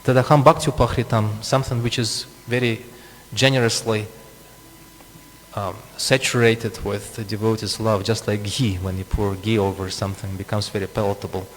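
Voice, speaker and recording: A lowish male voice, flat in delivery and moderate in pace, teaches a scripture class in a temple hall. He explains through asides and chuckles frequently, and the audio carries long reverb plus a faint hum.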